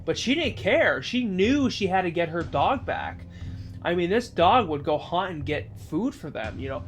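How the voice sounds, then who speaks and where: Male storyteller, slightly high voice, rambling improvised narration with lots of "you know.". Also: sing-song, moderate pace, slight background noise.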